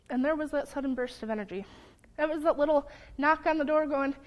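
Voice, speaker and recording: A young woman giving a sermon in a church, earnest, sometimes stumbling over her words and apologizing, lively when telling a story. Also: high voice, brisk. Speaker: lay preacher. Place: church sanctuary.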